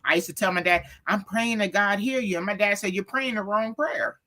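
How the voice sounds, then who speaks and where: A woman guest chatting about her family with animated storytelling, playing out each quote as she goes. Her voice is bright and clear. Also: mid-range voice, brisk. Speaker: author guest. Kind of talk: casual storytelling chat.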